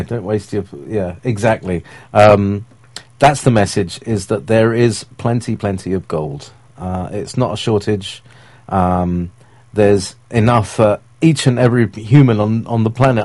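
A man's voice: on the low side, a little mellow, no room sound. A man hosting a casual call-in stream, talking in a rambling, hesitant way with many fillers and chuckles. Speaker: show host. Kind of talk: casual live-stream talk.

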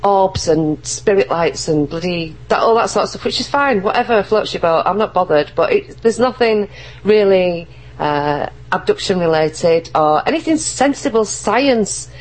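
A woman's voice: medium pitch, lively intonation, moderate pace, low-quality recording. A woman talking earnestly and emphatically as an interview guest, often restarting her sentences. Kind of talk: casual interview talk.

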